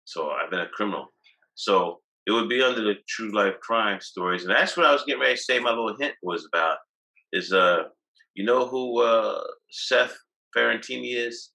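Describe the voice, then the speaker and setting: A man's voice: lowish voice, normal speed, gravelly, pushed and bright, low-quality recording. A man telling loose, boastful stories as a guest on a video call, restarting his sentences often. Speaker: guest, cannabis activist. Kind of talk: casual interview talk.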